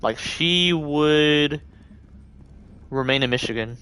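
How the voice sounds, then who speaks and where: A man's voice: on the high side, takes it slowly, sharp tone. A man live-streaming a video game, talking to himself and swearing in frustration. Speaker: gaming streamer. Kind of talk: casual live-stream commentary.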